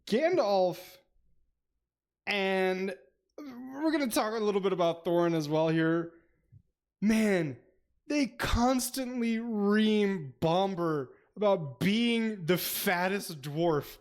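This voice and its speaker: A man co-hosting a casual book club podcast, laughing often and swearing as he retells scenes in animated fashion. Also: sits high, slow pace. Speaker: podcast co-host.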